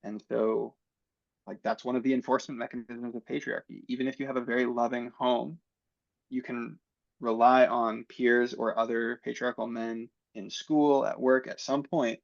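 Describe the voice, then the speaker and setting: A man's voice: medium pitch, little pitch movement, normal speed, gravelly, dry recording. A man talking as a podcast guest, explaining his views in a reflective way with many fillers. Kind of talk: casual conversation. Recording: dull, dry sound.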